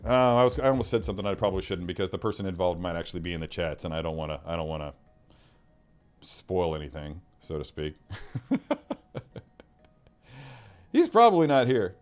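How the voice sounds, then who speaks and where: A man's voice: low-pitched, steady tone, fast, faint music behind. A man hosting a casual livestream, reading out viewer comments in a chatty way. He often repeats himself and trails off into mumbled asides. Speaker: livestream host.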